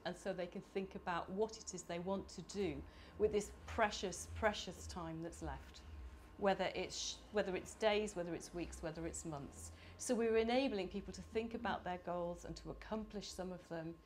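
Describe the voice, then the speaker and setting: Lively middle-aged woman giving a conference talk. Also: medium pitch, slight background noise. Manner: warm, animated, laughing asides. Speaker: speaker at a conference. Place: conference hall.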